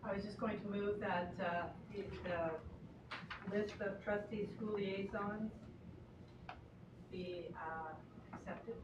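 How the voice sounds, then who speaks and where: A woman's voice: medium pitch, steady tone, takes it slowly, pauses often, dull audio. A woman, a school board trustee, thinking aloud and asking questions during a meeting. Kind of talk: casual meeting talk. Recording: echoey room, far mic, noisy.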